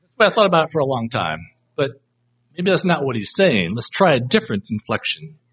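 A man's voice: mid-range voice, big pitch swings, brisk, a bit bright, husky. A man teaching a Bible study class, reflective and reading verses aloud to try out different inflections, in a dull lo-fi recording. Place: room with a live class.

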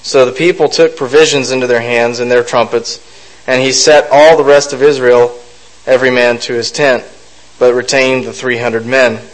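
A man's voice: medium pitch, fairly even intonation, normal speed, low-quality recording. A man reading a Bible passage aloud and commenting on it as a study teacher, stumbling with fillers and correcting himself mid-phrase. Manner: reads aloud with frequent fillers and self-corrections; thoughtful, musing asides.

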